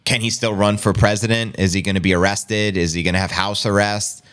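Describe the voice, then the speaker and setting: A man's voice: lowish voice, level tone, fairly quick, fairly bright tone. A man hosting a crypto news show, giving exasperated, incredulous live reaction commentary in a rambling way.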